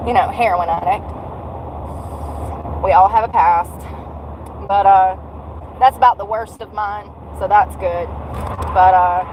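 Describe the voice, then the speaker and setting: A woman's voice: mid-range voice, noisy background. A woman around forty, venting in a blunt, sarcastic, profane vlog rant while out walking. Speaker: vlogger.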